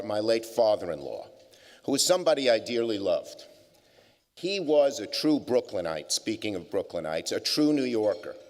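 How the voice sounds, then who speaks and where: A man's voice: medium pitch, a little mellow. An older man giving a public speech at a business forum, telling wry anecdotes with plenty of fillers. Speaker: keynote speaker. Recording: long hall reverb.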